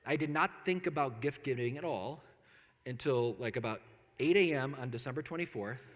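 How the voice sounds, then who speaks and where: A man giving a humorous storytelling talk to an audience, acting out quoted lines with lively jumps in his voice. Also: normal speed. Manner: animated, acts out quotes with big pitch jumps. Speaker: Catholic speaker. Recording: long hall reverb.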